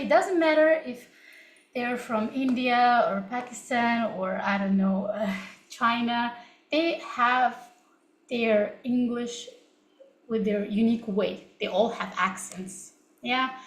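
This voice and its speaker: A young woman from Kazakhstan whose first language is Kazakh, giving a chatty, upbeat English session and laughing often. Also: a little high. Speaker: English speaker at a learning session. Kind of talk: casual live teaching talk. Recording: roomy echo.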